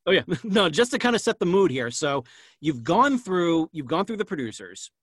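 A man's voice: on the high side, sing-song, normal speed, slightly rough, dry recording. A middle-aged man hosting an interview, asking long, meandering questions. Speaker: host. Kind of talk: casual interview chat.

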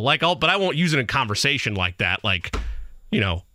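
A man co-hosting a sports radio show, explaining in a measured way with short, plain answers. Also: mid-range voice, lively intonation, pushed and bright. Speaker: sports radio co-host and soccer broadcaster. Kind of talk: casual sports talk banter.

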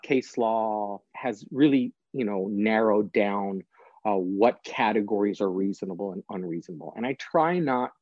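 Prosecutor guy explaining stuff earnestly on a podcast, warm mellow tone, dry close mic. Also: fairly low pitch, normal speed, no echo, dull audio. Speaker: guest, author and prosecutor. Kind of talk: podcast interview.

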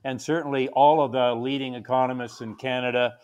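A man speaking as a guest market commentator on a radio show, measured and explanatory. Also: medium pitch, steady tone, a little mellow, clear, resonant tone, dull audio. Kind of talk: radio interview.

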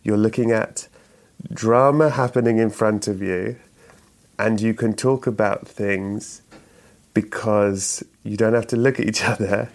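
In an easygoing interview, a middle-aged actor and writer talks as the guest, his fairly low voice moving unhurriedly with fairly even intonation. He wanders through his thoughts, restarting and correcting himself, and laughs softly a lot.

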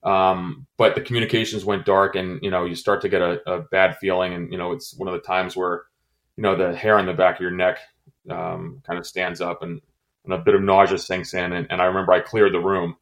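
In an interview, a middle-aged American man who once worked as an intelligence officer recounts a personal story, choked up. His low, level voice halts with many fillers and restarts.

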